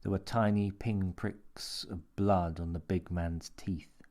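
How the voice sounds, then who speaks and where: A man reading a dark story aloud in a measured, steady narration. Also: sits low. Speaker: story reader. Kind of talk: audiobook narration.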